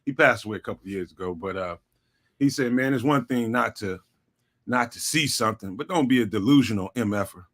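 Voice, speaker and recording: Bright, animated male sports guest. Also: on the low side, a little fast. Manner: animated, slangy, repeats himself for emphasis. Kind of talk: casual sports talk chat.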